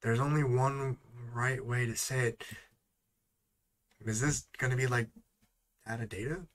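A man's voice: medium pitch, fairly even intonation. Exasperated casual man vlogging. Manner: exasperated, sighing, drawn-out repeated attempts at words. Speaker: YouTuber. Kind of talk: casual vlog chat.

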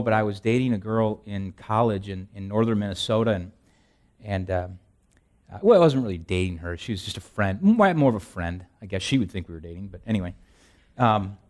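A male pastor preaching a conversational sermon, asking rhetorical questions and repeating phrases, with self-deprecating asides. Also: medium pitch. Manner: self-deprecating humor, frequent restarts.

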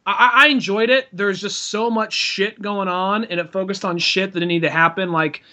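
A man's voice: high-pitched, fairly even intonation, normal speed, sharp tone. A man co-hosting a podcast in casual chat, giving meandering opinions. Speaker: podcast co-host.

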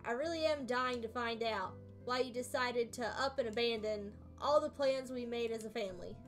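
A woman reading aloud the lines of a reproachful middle-aged mother from a game, in a mostly natural, high voice. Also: moderate pace, soft background music, natural voice.

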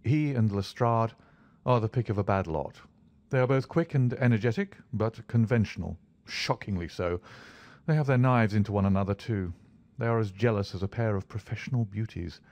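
A man's voice: on the low side, moderate pace, a little mellow, dry recording, muffled recording, lightly acted. A man reading a cool, aloof detective. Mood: wry. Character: calm, aloof male detective, languid and sardonic.

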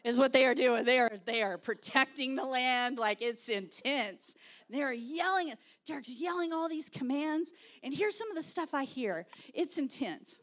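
A woman pastor, preaching a sermon with animated storytelling and shouted quotes. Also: high voice, normal speed.

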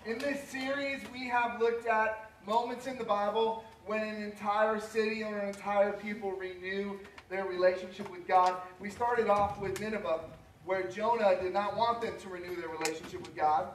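A middle-aged male pastor preaching with a notably high voice, rising from relaxed storytelling into loud, ringing calls. He is picked up by a cellphone some way off, so the sound is roomy, with a faint hum of ambience behind him. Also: moderate pace. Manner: builds to loud, high-pitched preaching peaks. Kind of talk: sermon. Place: church sanctuary. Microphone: cellphone from a distance. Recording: echoey cellphone livestream from far off.

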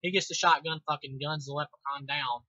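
A man's voice: fairly high pitch, steady tone, a little fast, sharp tone, no room sound. A young man giving a rambling, sarcastic, profane casual movie review on a dull lo-fi recording.

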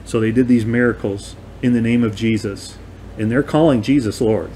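A man's voice: mid-range voice, moderate pace, dark tone, slight background noise. A man teaching a verse-by-verse bible study in a conversational, emphatic way, often checking in with his listeners.

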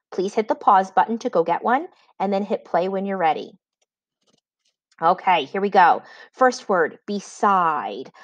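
A woman reading teacher giving a recorded spelling lesson for children, dictating words slowly and clearly with example sentences. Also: medium pitch, no echo, dull audio.

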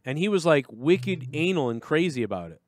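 A man's voice: a little high, big pitch swings, fairly quick, no room sound, studio quality. A man hosting a live show, telling profane, rambling stories in casual chat.

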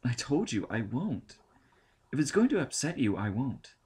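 A determined woman scientist, as a male reader puts her on, speaks with a lifted pitch. Her way of talking is even and insistent. It is an audiobook reading. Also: normal speed, breathy edge.

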